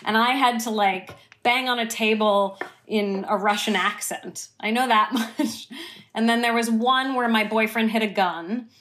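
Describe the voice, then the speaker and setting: A woman's voice: fairly high pitch, steady tone, unhurried, a bit bright. A woman actress being interviewed, chatty and self-deprecating, often breaking into laughter. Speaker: actress guest. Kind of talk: conversational interview.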